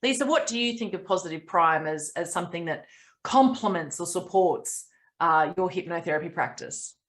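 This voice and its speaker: A woman hosting a group mentoring video call, chatting casually with lots of pauses and ums. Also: lowish voice, a bit bright.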